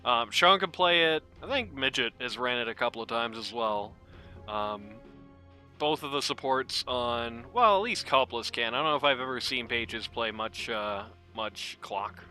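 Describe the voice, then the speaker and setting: A man's voice: medium pitch, lively intonation, moderate pace, bright, forceful tone, faint music behind. A man casting an esports match in a chatty, joking way, swearing casually as he talks through the draft. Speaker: esports caster. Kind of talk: casual game commentary.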